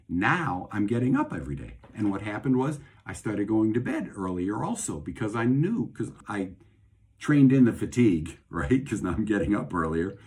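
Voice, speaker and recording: A middle-aged male host speaks in a low, slightly breathy voice. His talk is casual and rambling, and he restates his ideas over and over as he goes. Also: a little mellow. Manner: rambling, conversational, repeats phrases for emphasis. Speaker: host and doctor. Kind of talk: casual talk on faith and health.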